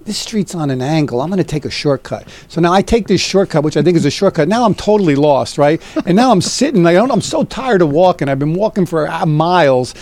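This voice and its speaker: Mellow-voiced man telling stories. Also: on the high side, brisk, few pauses. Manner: animated anecdote teller, acts out quoted voices. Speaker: actor guest. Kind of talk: casual storytelling interview.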